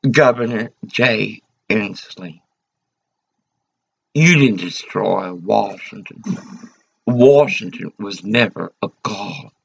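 A man's voice: lowish voice, slow, creaky, pauses often, husky. A man delivering an agitated, rambling, profane rant to the camera. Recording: dull lo-fi recording.

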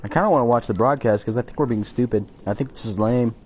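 A man chatting while gaming, excitable and argumentative with a friend. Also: mid-range voice, fast talker, a little hiss or hum. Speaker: gamer on a live broadcast. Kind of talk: casual chat while gaming. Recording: muffled lo-fi audio.

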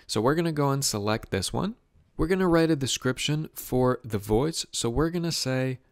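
A man hosting a software tutorial, explaining each step in a relaxed, chatty way into a close desk mic. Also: mid-range voice, no echo. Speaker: tutorial host. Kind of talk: casual software walkthrough.

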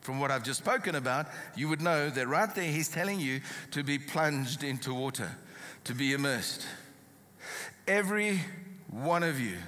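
A man's voice: fairly high pitch, sharp tone. A South African man preaching a sermon, reading scripture aloud with emphatic stress. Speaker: pastor. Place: church hall. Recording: reverberant church hall.

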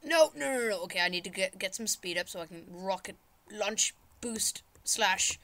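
Bright, excitable British woman gaming. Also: medium pitch, normal speed. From Britain. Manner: excitable, yelping and shouting at in-game mishaps; joking asides, mock-dramatic insults. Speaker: gaming channel host. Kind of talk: casual let's-play commentary.

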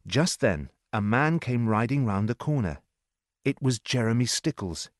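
A man narrating a story in a slow, clear reading voice. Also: mid-range voice, expressive, no echo, studio quality. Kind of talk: scripted narration.

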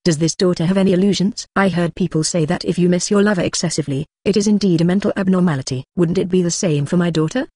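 Worried old king, read by a text-to-speech voice, fretting father, flat, mid-pitched. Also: fast talker, few pauses, no echo, clean studio sound, natural voice. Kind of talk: synthetic audiobook narration.

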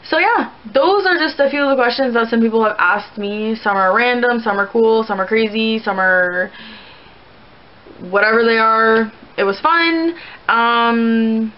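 At a measured pace and in a slightly high voice, a young woman from Canada answers viewer questions in a casual vlog, rambling and chatty, full of "like." The sound is dull.

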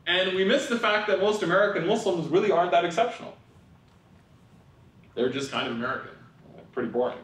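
A man's voice: high voice, brisk, long pauses, a bit bright. Young male speaker from New York, lecture with jokes, conversational and wry, lots of fillers; mic picks him up from a distance in a reverberant room. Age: young adult. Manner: conversational, frequent "um" and "right?", wry asides. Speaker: public speaker. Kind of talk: lecture talk with humorous asides. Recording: echoey hall, voice from far off.

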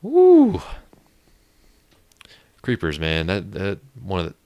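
A young gaming YouTuber from Indiana speaks at normal speed in a low, creaky, slightly bright voice with no echo. He offers casual, rambling commentary on his game and is quick to be startled.

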